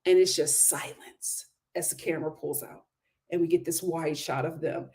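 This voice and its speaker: Woman doing a reality tv recap, kinda high voice, loud exclamations, repeats stuff for emphasis. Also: expressive, normal speed. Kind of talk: casual TV recap commentary.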